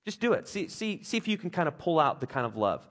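A man's voice: on the high side, fast. A man, a father of young kids, preaching a conversational sermon with jokes and playful put-on voices. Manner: animated, conversational, jokey, with playful voices for others. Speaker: pastor.

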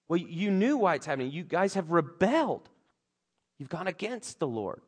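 A male pastor speaks at a moderate pace with a breathy edge, animatedly acting out scripture characters in his sermon. He voices their lines with big pitch swings.

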